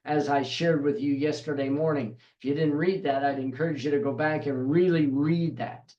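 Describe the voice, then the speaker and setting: A man with a slightly raised pitch gives a devotional Bible teaching. He drives his points home by repeating phrases with emphasis. The recording has a noticeable roomy echo. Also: fairly even intonation, moderate pace, warm tone, dull audio.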